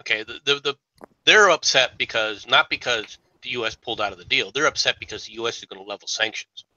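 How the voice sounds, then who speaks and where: A man's voice: mid-range voice, fast, bright, forceful tone, dry recording, lo-fi sound. A man on a casual political talk stream, arguing his points in a lecturing way with many okays. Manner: argumentative, lecturing, fillers like okay.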